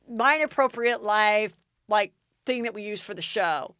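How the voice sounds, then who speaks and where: A middle-aged American woman hosting a podcast, telling a story in a lively, dramatic way and acting out the people she quotes. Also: fairly high pitch, moderate pace, no room sound, studio quality. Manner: animated, dramatic retelling with quoted voices. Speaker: podcast host. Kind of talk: casual storytelling chat.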